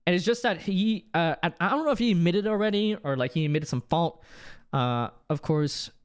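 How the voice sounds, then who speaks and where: Animated young male streamer chatting. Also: high-pitched, brisk, clear, resonant tone. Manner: rambling, many restarts and fillers, bursts of laughter. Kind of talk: casual live-stream chat.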